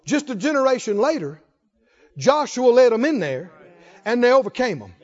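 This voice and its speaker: High-voiced preacher, lively, lo-fi. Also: male voice, normal speed. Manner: call-and-response questioning, folksy. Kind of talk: sermon.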